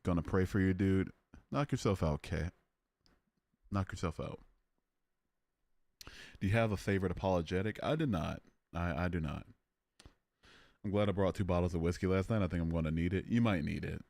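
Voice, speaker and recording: A man's voice: low voice, moderate pace, gravelly, pauses often, a little mellow, dry recording. A young man hosting a live stream, chatting casually with viewers and mocking trolls in the chat. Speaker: livestream host.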